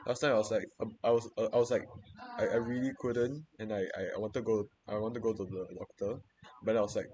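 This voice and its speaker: A man's voice: fairly low pitch, fairly even intonation, fast talker, a little mellow. A young man venting in casual chat, swearing freely and rambling through many restarts and repeated words.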